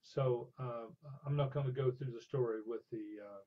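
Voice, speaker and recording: An older man spins an animated anecdote in an interview, with a husky, slightly rough voice at a middle pitch. He drops into the voices of the people in his story. The recording sounds dull and lo-fi. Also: moderate pace. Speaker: interview guest.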